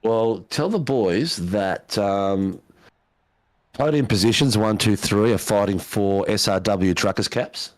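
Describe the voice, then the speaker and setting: Joking man, low voice, dry mic. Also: takes it slowly, no echo. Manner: joking, teasing, lots of fillers. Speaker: sim racing broadcast host. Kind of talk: casual banter on a stream.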